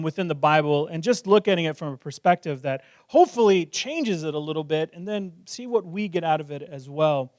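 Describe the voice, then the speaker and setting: A man's voice: a little high, no echo, clean studio sound. A male pastor preaching a sermon in a joking, self-deprecating, conversational way.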